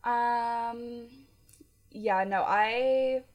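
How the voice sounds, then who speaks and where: A woman's voice: on the high side, steady tone, drawn-out words, faint music behind. A woman in her twenties, from Canada, co-hosting a casual podcast, chatty with many fillers and frequent laughter. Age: 20s. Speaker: podcast co-host.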